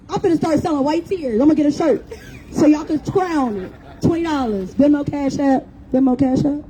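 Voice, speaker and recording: A woman's voice: sits high, warm tone, a little hiss or hum, rough recording. A woman giving an impassioned rally speech outdoors, blunt and profane, with mocking jokes. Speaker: rally speaker. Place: outdoor public rally in a city square.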